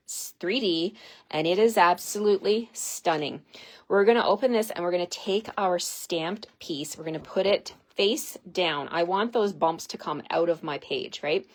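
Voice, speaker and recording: Giggly chatty lady doing a stamping demo, lowish voice. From Canada. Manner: chatty and giggly, talks to viewers while working. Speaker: stamping demonstrator. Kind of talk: casual craft tutorial.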